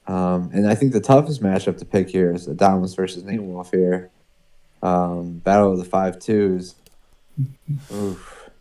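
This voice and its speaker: A man with a New England accent hosts a casual panel chat in a low register. His tone is mellow and soft-edged. He hesitates and fills pauses as he hands the floor to the others. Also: steady tone. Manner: hesitant, filler-heavy, runs the picks. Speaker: podcast host.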